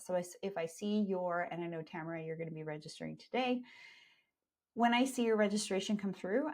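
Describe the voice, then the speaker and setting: A woman's voice: fairly low pitch, darkish tone. A woman with a Canadian accent hosting a live podcast, talking in a chatty, upbeat, promotional way. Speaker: podcast host and skincare educator.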